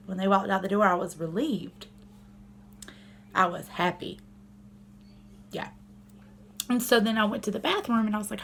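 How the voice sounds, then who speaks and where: A woman's voice: medium pitch, normal speed, gravelly, long pauses, fairly bright tone, a little hiss or hum. A young woman, a mother, talking casually to her camera at home, candid and rambling with many fillers.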